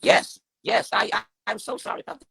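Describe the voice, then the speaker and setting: A woman's voice: a little fast, bright, forceful tone, rough recording. A woman hosting an interview, effusive and sympathetic in how she speaks. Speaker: host.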